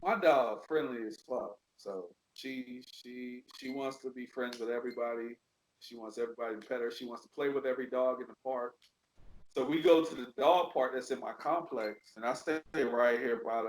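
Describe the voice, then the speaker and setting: A man's voice: mid-range voice, moderate pace. A man chatting casually on a podcast, laughing often and swearing freely. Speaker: podcast guest. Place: his home in Dallas. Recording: echoey room.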